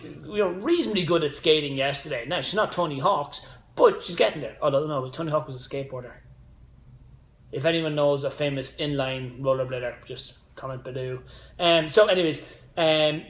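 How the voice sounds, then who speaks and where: A man in his thirties, a fitness coach hosting a casual live stream, rambling with side notes and motivational asides. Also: on the high side. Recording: echoey room.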